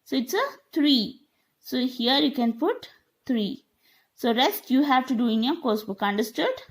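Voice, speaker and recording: Slow, high-voiced woman teacher. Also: animated. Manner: slow, repetitive, checks understanding with "okay?". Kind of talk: online classroom lesson.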